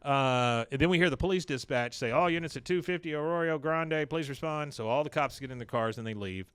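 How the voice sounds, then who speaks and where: A man co-hosting a podcast, casually retelling a cartoon episode and jumping into quick voices for the characters. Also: fairly high pitch, clear, resonant tone, no echo. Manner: animated, acts out characters' lines in quick put-on voices. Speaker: podcast co-host recapping an episode.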